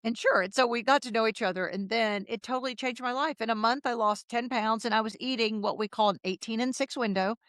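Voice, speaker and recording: A woman in her fifties, a guest on an interview podcast, who tells her stories in a lively way and acts out the dialogue. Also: a little high, fairly quick, hardly any pauses, no echo, studio quality. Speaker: podcast guest, health coach. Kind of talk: casual interview storytelling.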